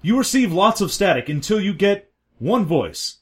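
A man's voice: sits high, big pitch swings, moderate pace, breathy edge. A man narrating a tabletop game as game master, playful and jokey.

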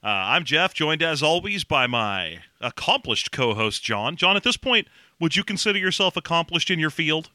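Bright, playful podcast host. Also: male voice, on the high side, very animated, moderate pace, few pauses, no room sound, clean studio sound. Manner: playful, jokey banter with filler words. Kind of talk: casual chat.

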